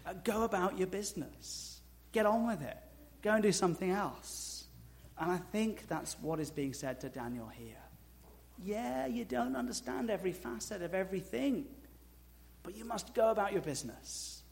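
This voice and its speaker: A man preaching a sermon in a conversational way with dry humor, dropping to slow, soft emphasis and rising to loud, high asides. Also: expressive, gravelly. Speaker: pastor.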